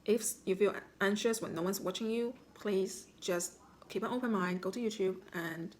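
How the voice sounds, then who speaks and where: A woman as a spiritual healing coach, calmly guiding listeners through self-reflection with instructive questions. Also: medium pitch, normal speed, slight background noise. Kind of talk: guided self-reflection talk.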